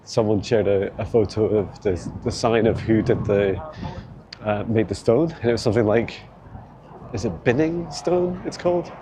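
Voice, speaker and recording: A man's voice: lowish voice, normal speed, noisy background. A man rambling casually while walking outdoors through city streets, filming on a handheld phone, chatty and laughing often. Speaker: vlog host. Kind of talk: walking tour vlog.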